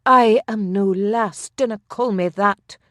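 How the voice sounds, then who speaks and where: A woman voicing a fiery young noblewoman, defiant, sharp and scornful. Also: on the high side, animated, moderate pace, no echo, studio quality, voice pushed up. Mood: indignant.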